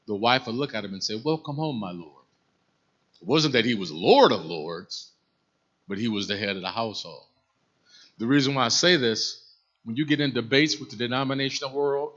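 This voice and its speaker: A man's voice: mid-range voice, fairly bright tone, lo-fi sound. A man teaching a Bible study class. He tells folksy stories and asks the class questions.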